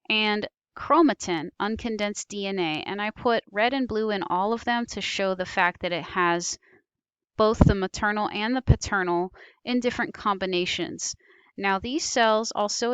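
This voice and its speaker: A woman's voice: mid-range voice, fairly bright tone, smooth, no room sound. A woman teaching biology over slides, explaining patiently with occasional ums and self-corrections. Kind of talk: recorded slide lecture.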